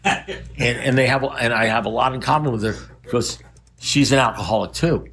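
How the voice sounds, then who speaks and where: A man's voice: mid-range voice, moderate pace, a bit bright. An older man speaking at a recovery meeting, telling rambling stories in a wry, blunt manner.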